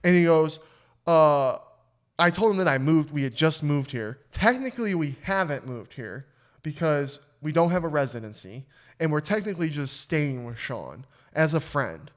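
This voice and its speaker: A young adult man hosting a podcast, telling a story in casual chat with lots of swearing and quick restarts. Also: on the high side. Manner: animated, swears freely, stammers and restarts. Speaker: podcast host.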